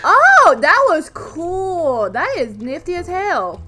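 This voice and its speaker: A woman giving let's play commentary on a game she is playing, excitable, with loud exclamations, gasps and casual swearing. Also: very high voice, slow pace. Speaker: gaming video creator. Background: faint game music.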